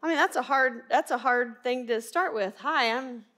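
Her high-pitched, somewhat bright voice carries a Southern twang from Arkansas as she speaks at normal speed. This middle-aged woman delivers Bible teaching with earnest emphasis, frequently asking rhetorical questions of her audience.

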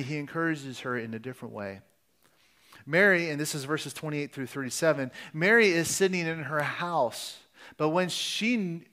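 Pastor guy preaching, kinda high voice, earnest, restarts a lot. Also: a bit bright. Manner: earnest, with restarts and varying emphasis. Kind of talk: sermon.

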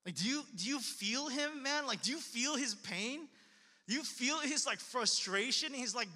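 A man's voice: extremely high pitch, expressive, normal speed, bright, forceful tone. A young man giving a casual, earnest sermon, speaking as a youth pastor, full of repeated phrases and filler words. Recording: long hall reverb.

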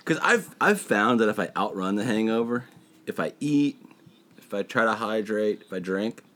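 A man's voice: lowish voice, expressive, moderate pace, a bit bright. A man co-hosting a casual talk show, laid-back, saying "dude" often and laughing easily. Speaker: radio show co-host. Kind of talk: casual chat.

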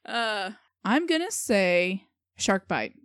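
A woman co-hosting a casual podcast, answering a quiz, joking and thinking out loud. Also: mid-range voice, very animated, slow, no echo, studio quality. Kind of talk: casual chat.

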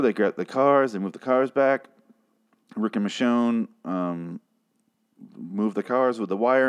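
A man's voice: medium pitch, clean tone. A man recapping and ranting about a TV episode in a sarcastic, profane, exasperated way. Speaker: TV episode reviewer. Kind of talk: casual recap and rant.

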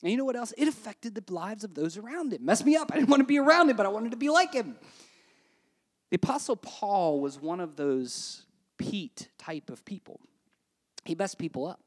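A pastor preaching a sermon in a chatty, animated way, often checking in with "right?" and swinging between quiet and loud. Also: mid-range voice, normal speed. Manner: conversational, with frequent "right?" asides.

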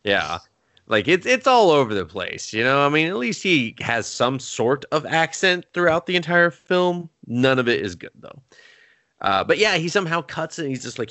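A man co-hosting a podcast, rambling sarcastically through a movie recap with quick quoted asides. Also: a little high, very animated, sharp tone, no room sound. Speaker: podcast co-host. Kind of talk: casual movie-review banter.

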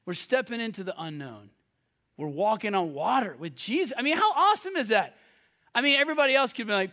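A male preacher with a high, bright voice, giving a sermon in an animated, storytelling way. He acts out the voices of the people he quotes and laughs at himself often. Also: a little fast. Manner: laughs often, self-deprecating. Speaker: pastor.

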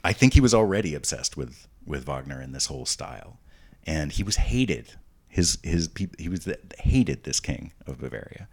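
A man's voice: very deep voice, very animated, normal speed, vocal fry, darkish tone, husky. A man speaking as a podcast guest, telling casual stories with rambling asides and frequent restarts. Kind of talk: casual storytelling.

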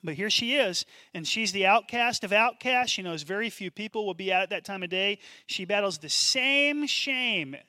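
A man preaching a sermon as pastor, in an animated, conversational way with asides. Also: high-pitched, moderate pace, few pauses, dry recording.

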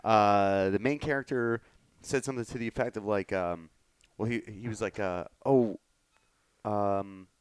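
A man's voice: lowish voice, unhurried, clear, resonant tone, no echo. A man co-hosting a podcast in casual chat, making dry joking asides. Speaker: podcast co-host.

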